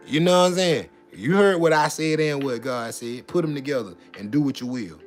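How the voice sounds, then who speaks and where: Guy on a vlog rant, kinda high voice, goes loud then mutters to himself, keeps saying you know what i'm saying, faint music behind. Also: a little fast, few pauses. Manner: swings between loud preaching and muttered asides. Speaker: vlogger. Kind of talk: casual preachy monologue.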